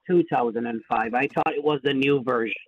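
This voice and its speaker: A man on a phone call, coaxing and persuasive, pitching a get-rich chance. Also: a little fast. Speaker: phone scammer. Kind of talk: phone conversation. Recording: tinny phone line.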